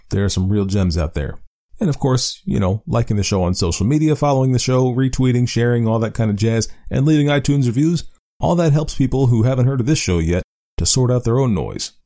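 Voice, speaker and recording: Lively male podcast host. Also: mid-range voice, fairly quick. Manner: lively, animated delivery. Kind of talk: podcast intro, chatty. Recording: faint music behind.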